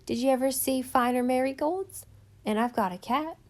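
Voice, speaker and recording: A woman voicing a chatty, lonely old countrywoman who is hoarse from a cold and rambles in folksy, rustic speech. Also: high-pitched, normal speed, darkish tone, pitched above the performer's own voice, close to an everyday voice. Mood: folksy chatter. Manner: rambling homespun talk with rustic grammar.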